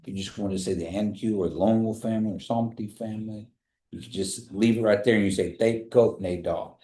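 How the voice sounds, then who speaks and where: A man teaching a classroom language lesson, patiently repeating phrases slowly for his students. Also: on the low side, steady tone, mellow. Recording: echoey room.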